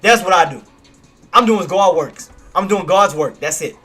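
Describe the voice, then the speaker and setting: Hyped high-voiced trading streamer, man. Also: moderate pace, soft background music. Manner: hyped, shouting and laughing, slangy. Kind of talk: live trading commentary.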